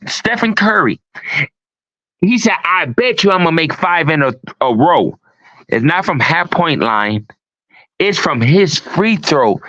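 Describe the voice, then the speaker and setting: A man's voice: a little high, a bit bright, dry recording. A man hosting a livestream talk show, ranting emphatically with a lot of profanity. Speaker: host. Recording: dull lo-fi stream audio.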